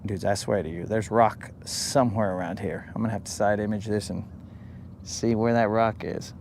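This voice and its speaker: Lowish, creaky and a bit dark in tone, the host's voice holds steady at a moderate pace under a little hiss or hum. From a boat out on a lake, he runs a live fishing stream, bantering and teasing with viewers and muttering under his breath as he fishes.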